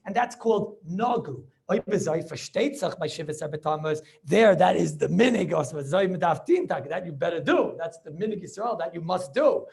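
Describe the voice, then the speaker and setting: Male rabbi, high gravelly voice, animated video-call lecture full of rhetorical questions. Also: moderate pace, few pauses. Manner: animated, argumentative, rhetorical questions, Yiddish-laced yeshiva English. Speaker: rabbi teaching a Talmud class. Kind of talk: lively Torah class lecture over video call.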